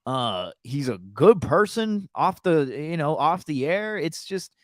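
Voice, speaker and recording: A man's voice: fairly high pitch, big pitch swings, unhurried, no room sound, clean studio sound. Rambling man in casual sports chat. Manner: rambling, lots of fillers and restarts. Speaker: podcast co-host.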